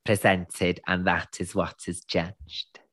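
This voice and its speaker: A man's voice: sits low, flat delivery, slow, a bit bright, dry recording, studio quality. A man with a Welsh accent, co-hosting a casual chat about a TV show, slipping between Welsh and English. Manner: switches between Welsh and English, mimics judges. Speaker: co-host.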